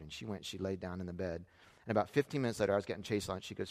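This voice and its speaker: A man in his thirties preaching a sermon, telling a family story in a conversational way that swings from hushed asides to loud emphasis. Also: fairly low pitch, racing. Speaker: pastor. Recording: long hall reverb.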